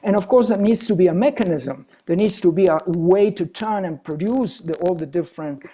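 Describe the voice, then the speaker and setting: A man giving an academic webinar lecture as a guest speaker, halting through restarts and often ending points with "isn't it?". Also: sits high, warm tone, a little hiss or hum.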